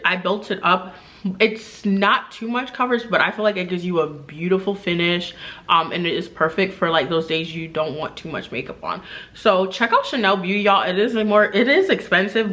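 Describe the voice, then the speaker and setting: Chatty bright-voiced woman vlogger. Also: lowish voice. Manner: chatty and enthusiastic, many fillers and asides to viewers. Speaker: beauty and luxury vlogger. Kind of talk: casual haul vlog talk to camera.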